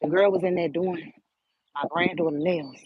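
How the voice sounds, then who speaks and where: An older woman hosting a show, telling a spiritual story in an animated, preachy way and speaking right to her listeners. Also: fairly low pitch, moderate pace, husky, no room sound. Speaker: host. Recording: dull lo-fi audio.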